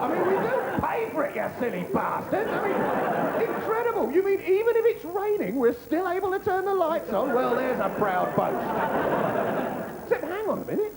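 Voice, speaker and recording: A man's voice: extremely high pitch, big pitch swings, normal speed, a loud crowd, poor audio. A man doing a live stand-up routine, ranting with sarcastic mock disbelief. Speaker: stand-up comedian. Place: theatre stage. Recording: loud live-show ambience.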